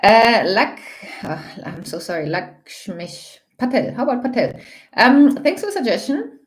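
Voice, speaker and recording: A woman's voice: on the high side, big pitch swings, a little slow. A woman co-hosting a casual livestream, explaining practical rules plainly and informally from a home setup. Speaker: livestream co-host.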